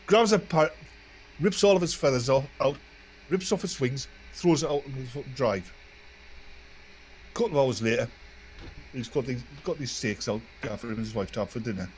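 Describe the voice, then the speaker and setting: A man telling long crude jokes in casual chat on an online call, rambling and animated. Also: medium pitch, brisk, pauses often, slight background noise. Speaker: podcast co-host.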